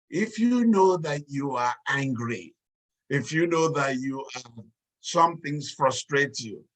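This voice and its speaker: Man, bright voice, slightly high pitch, measured lecturing delivery, relationship teacher. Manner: measured, slows to stress key points. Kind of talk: lecture talk.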